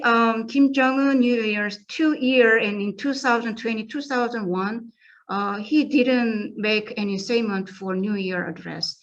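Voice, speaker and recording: A woman with a Korean accent gives an academic conference presentation, halting often with fillers and restarts. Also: medium pitch, highs cut off. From South Korea.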